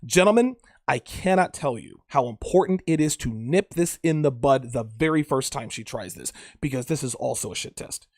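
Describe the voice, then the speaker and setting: Animated, profane man giving blunt advice. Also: mid-range voice, moderate pace, hardly any pauses, no room sound, clean studio sound. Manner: blunt, profane, emphatic, repeats himself. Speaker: dating advice podcast host. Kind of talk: crude casual monologue.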